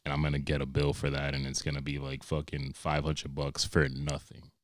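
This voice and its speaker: A young man, hosting a podcast and telling comic stories in a profane, animated way with sarcastic asides. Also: a bass voice, a little fast, no echo, studio quality. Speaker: podcast host. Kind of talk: comedic monologue.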